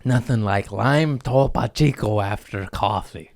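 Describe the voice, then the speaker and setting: A man hosting a casual podcast, ranting loudly and profanely, rambling and laughing at his own jokes into a studio mic. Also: on the low side, unhurried, creaky. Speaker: podcast host.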